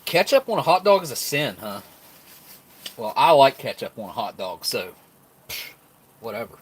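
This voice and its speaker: A man's voice: mid-range voice, sing-song, moderate pace, husky. A man hosting a casual live-stream food review, rambling and laughing often while he talks with his mouth full.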